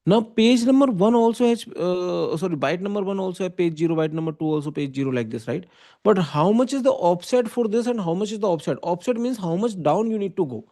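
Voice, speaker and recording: A computer science teacher with an Indian English accent runs an online lecture in a slightly high, mellow voice, animated in delivery. He works through each step slowly and keeps checking that the listener follows with "okay?" and "right?".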